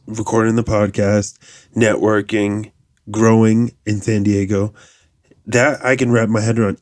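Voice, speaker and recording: Podcast host in his 30s, low-pitched man, loose profane monologue, dry booth sound. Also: no room sound. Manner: profane, rambling, animated asides. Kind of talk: casual monologue.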